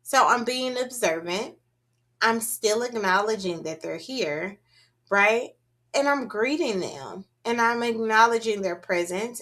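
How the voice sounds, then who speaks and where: A woman leads a training session for preschool teachers at an unhurried pace. She explains each point patiently and keeps checking in with her listeners. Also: mid-range voice, a bit bright. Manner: measured and instructive, checks in with "right?". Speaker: early childhood teacher trainer. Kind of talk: recorded teacher training talk.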